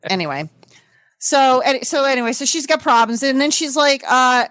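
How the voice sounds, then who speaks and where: A woman's voice: sits high, very animated, moderate pace, a bit bright, no room sound. A woman co-hosting a podcast, telling a story casually and profanely, acting out what others said. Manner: profane, acts out others' quotes. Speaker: podcast co-host.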